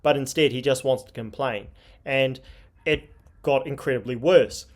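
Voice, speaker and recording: At a moderate pace and medium pitch, a man hosts MMA commentary full of opinion. He reads tweets out loud, his tone indignant and scornful.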